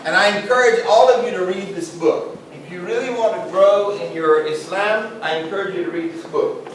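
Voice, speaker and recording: A middle-aged man teaching a class in a relaxed, joking, conversational way. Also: high-pitched, normal speed. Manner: conversational, jokey, asks the class questions. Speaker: Islamic studies teacher. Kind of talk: classroom lecture. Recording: very echoey room, voice far from mic, faint hiss.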